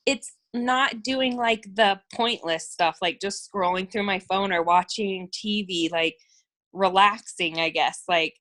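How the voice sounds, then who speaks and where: A woman talks casually as a guest on a video call, full of "like" and "um" and quick to laugh. She talks about leading her team in a relaxed, conversational way. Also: mid-range voice, low-quality recording. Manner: chatty, filler-heavy, laughs easily.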